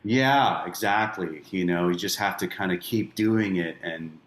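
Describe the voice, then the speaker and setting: A man's voice: deep voice, a little slow, fairly bright tone. A middle-aged man, a musician guest, talking thoughtfully on a podcast in loose, meandering phrases. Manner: thoughtful, loose phrasing full of "you know" and "like". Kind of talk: reflective podcast conversation. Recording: roomy echo on voice.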